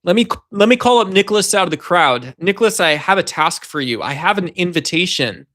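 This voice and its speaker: A man with a high voice hosts a loose livestream. He rambles and speaks straight to the viewers in his chat, as if they were sitting with him. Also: expressive, fairly quick, fairly bright tone. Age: adult. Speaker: livestream host. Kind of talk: casual livestream talk to chat.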